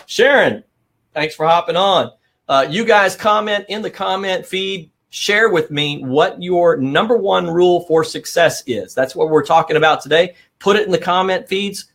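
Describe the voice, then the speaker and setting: A man's voice: high-pitched, normal speed, fairly bright tone. A middle-aged man hosting a motivational live stream, talking with energy, stressing points and often adding "right?".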